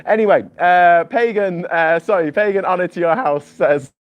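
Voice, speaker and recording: A man's voice: high voice, normal speed, lo-fi sound. A man hosting a livestream in a casual, jokey, rambling chat, often repeating words as he starts sentences. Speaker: livestream host. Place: island home without mains power.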